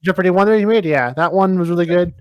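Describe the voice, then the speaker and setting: A man's voice: high-pitched, fast, no room sound. A young man co-hosting a podcast, laid-back and swearing casually. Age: young adult. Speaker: podcast co-host. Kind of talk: casual chat.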